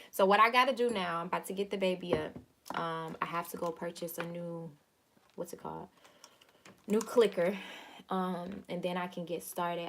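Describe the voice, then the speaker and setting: A woman's voice: lowish voice, vocal fry, a bit bright. A woman in her thirties hosting a casual live video, earnest and repetitive, often saying y'all. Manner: earnest, repeats herself, says y'all. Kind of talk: casual live-stream talk.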